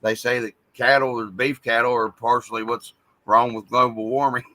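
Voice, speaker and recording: A folksy man chats casually, joking and readily agreeing. His voice is bright and forceful, at a middle pitch for a man. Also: flat delivery, moderate pace, no echo. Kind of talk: casual chat.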